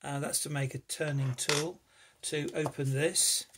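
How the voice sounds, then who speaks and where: A man's voice: a little high, little pitch movement, unhurried, noisy background. A man chatting enthusiastically as he opens packages for his lockpicking vlog, rambling and thankful. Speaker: lockpicking hobbyist vlogger. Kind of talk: casual unboxing chat.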